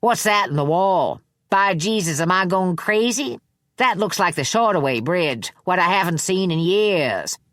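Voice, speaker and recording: A woman voicing a frightened, trembling old male janitor who talks slowly and prays aloud. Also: lowish voice, lively intonation, a bit bright, dry recording, clean studio sound. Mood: shaken. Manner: slow, pleading, praying aloud.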